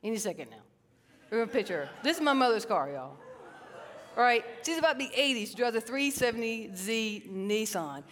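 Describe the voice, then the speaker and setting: A woman's voice: fairly high pitch, a little fast. Joking middle-aged woman on stage. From South Carolina, US. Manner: lively, joking, self-mocking, addresses the crowd as y'all. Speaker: psychotherapist giving a stage talk. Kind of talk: storytelling stage talk. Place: large hall with a stage. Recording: long reverb of a large hall.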